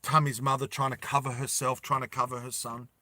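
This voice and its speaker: A man telling a dramatic story slowly and deliberately, with emphatic repetition. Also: mid-range voice, level tone, bright, forceful tone, dry recording. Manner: slow deliberate with emphatic repeats.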